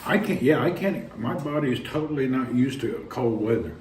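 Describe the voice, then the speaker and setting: Guy joking around and rambling on a live stream in his car, mid-pitch voice, lots of road noise. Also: expressive, moderate pace, a little mellow. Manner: rambling, joking, laughs often. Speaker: vlogger. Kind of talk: casual live-stream chat. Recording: noisy car ambience.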